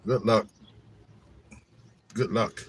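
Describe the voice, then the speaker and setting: A man's voice: lowish voice, steady tone, extremely slow, slight background noise. A middle-aged man hosting his own channel, telling rambling school stories in a slangy, joking way. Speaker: channel host. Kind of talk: casual storytelling monologue.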